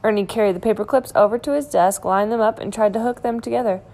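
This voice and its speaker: A woman's voice: medium pitch, fast, a little mellow. Woman reading a children's book aloud. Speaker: storybook reader.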